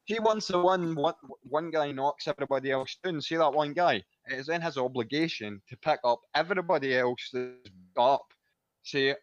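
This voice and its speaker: A man's voice: medium pitch, a little fast, dull audio. A man co-hosting a casual podcast, telling rambling stories and chuckling at them. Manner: rambling storyteller, chuckles often. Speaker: podcast co-host. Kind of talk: casual chat.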